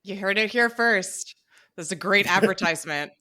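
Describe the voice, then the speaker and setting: A woman co-hosting a casual podcast, dropping short, dry quips. Her voice is bright and sharp, recorded dry and close. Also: medium pitch, normal speed. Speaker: podcast co-host. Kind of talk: casual chat.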